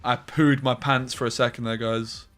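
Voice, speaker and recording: Over faint background music, a young man talks casually while streaming gameplay, rambling through stories with slang and an odd curse thrown in. He speaks at a normal speed in a mid-range, level, fairly bright voice.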